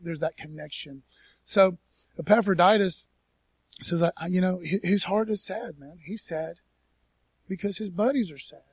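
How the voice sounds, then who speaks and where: Male pastor, high-pitched, relaxed folksy sermon delivery, dry recording. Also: slightly rough, dry recording. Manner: folksy, peppered with "man" and "you know". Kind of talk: casual conversational sermon. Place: church.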